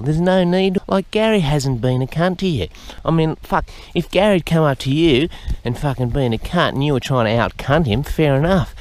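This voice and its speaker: A man, talking to his farm animals in a blunt, profane comic monologue outdoors. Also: medium pitch. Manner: sweary, blunt, chatting to the animals. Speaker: farmer feeding animals.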